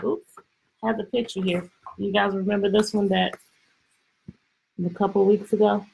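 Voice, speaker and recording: A woman teacher reading a picture book aloud to her class over a video call, expressive and full of questions. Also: mid-range voice, moderate pace, creaky, a little hiss or hum, low-quality recording. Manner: lively, expressive, stretches words, asks questions. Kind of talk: storybook read-aloud lesson.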